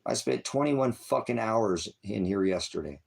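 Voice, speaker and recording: A man rants at his livestream chat, swearing constantly and firing off aggressive, rambling preaching. His voice sits fairly low and sounds husky and rough-edged. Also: expressive, moderate pace. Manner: profane, aggressive rant, addresses chat viewers. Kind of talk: angry rambling livestream talk.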